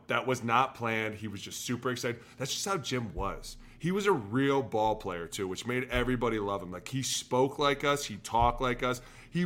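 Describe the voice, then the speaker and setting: Man, ex-NFL lineman, podcast co-host; energetic storyteller, bright tone. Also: fairly low pitch. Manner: animated storyteller, shouts out quoted lines. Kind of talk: casual storytelling chat.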